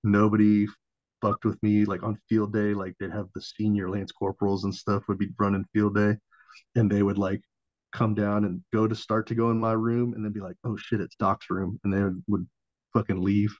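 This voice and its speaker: A man's voice: on the low side, little pitch movement, normal speed, a little mellow, no echo. Laid-back profane male storyteller. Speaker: podcast guest, former Marine. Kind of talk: casual storytelling. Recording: dull lo-fi audio.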